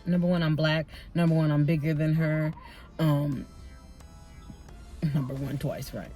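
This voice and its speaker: A woman's voice: low-pitched, fairly even intonation, unhurried, warm tone, soft background music. A woman in her thirties vlogging casually, telling a heated story about work with lots of swearing. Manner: heated, profane storytelling, addresses viewers as y'all. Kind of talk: casual venting vlog.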